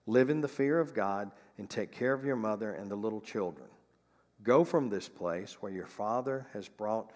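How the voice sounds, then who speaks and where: A man's voice: lowish voice, darkish tone, long reverb tail, lightly acted. A man reading aloud the earnest farewell words of a condemned man to his children, in a church sanctuary.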